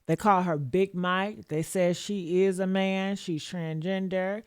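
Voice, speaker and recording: A woman's voice: on the low side, steady tone, takes it slowly, clear, resonant tone, no room sound, clean studio sound. A woman giving casual reaction commentary, sassy and mocking, laughing often and talking straight to her viewers.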